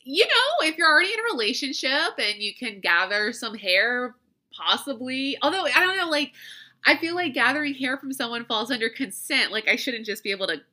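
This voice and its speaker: Female podcast host, very bright tone, casual rambling monologue with frequent laughs. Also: high-pitched, big pitch swings, fairly quick. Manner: chatty, rambling, laughs often.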